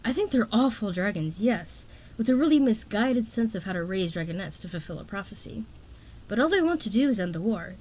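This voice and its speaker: A woman's voice: mid-range voice, expressive, a little fast, darkish tone, lightly acted, rough recording. A woman voicing a defiant young female dragon who speaks in a demanding, insistent way.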